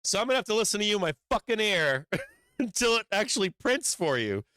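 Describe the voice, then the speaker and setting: A man's voice: high voice, big pitch swings, fairly quick, bright, forceful tone, clear, resonant tone, dry recording. A man hosting a live stock market stream, talking through charts in a casual, blunt and profane way.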